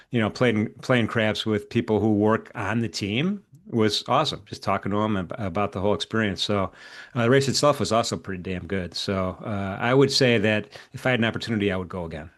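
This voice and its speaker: A man's voice: on the low side, a bit bright. A man hosting a live trading show, walking through market levels in a casual, rambling way with many fillers and restarts. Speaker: market strategist and show host. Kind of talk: live trading analysis chat.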